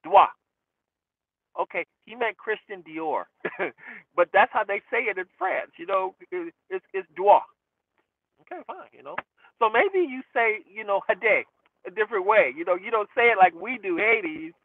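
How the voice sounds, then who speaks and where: A man's voice: high voice, animated, normal speed, no room sound. A man who hosts a rideshare channel, chatting casually to camera and answering viewer questions in a self-amused way, trailing off with fillers. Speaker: rideshare driver and channel host. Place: inside a car. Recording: dry, tinny phone-like sound.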